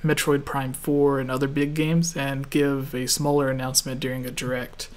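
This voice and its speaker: A man's voice: medium pitch, moderate pace. Casual Canadian man hosting a podcast. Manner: relaxed, laughs often, reads listener questions. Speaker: podcast host.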